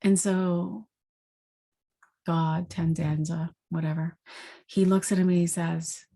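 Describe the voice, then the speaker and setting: A woman with a husky, slightly breathy voice that sits a little low gives a spiritual talk. She retells a story in an animated way and often adds "you know" and "right?". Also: slow pace, pauses often. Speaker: intuitive energy forecaster.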